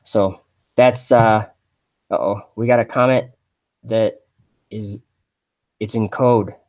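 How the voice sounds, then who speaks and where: A man chatting on a mock live stream in a deadpan, rambling way, full of fillers and restarts. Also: on the low side, slow. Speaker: satirical livestreamer posing as an astronaut.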